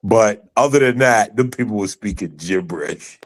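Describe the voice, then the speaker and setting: A fairly low-pitched man from South Africa trades jokes in a loose group conversation. He often restarts his sentences with a halting "I, I" before landing the point. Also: lively intonation. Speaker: podcast co-host. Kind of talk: casual group chat.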